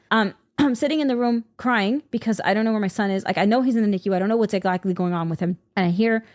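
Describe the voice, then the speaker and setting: A woman's voice: medium pitch, quick pace, darkish tone. A woman co-hosting a casual podcast, telling a personal story in an emotional, heated way, with many restarts. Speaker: podcast co-host.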